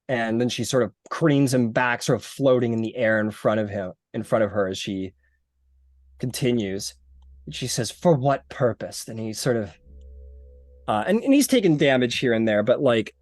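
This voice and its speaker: A man's voice: medium pitch, darkish tone, no room sound, studio quality. A man narrating a tabletop game as game master, casual and rambling with many fillers.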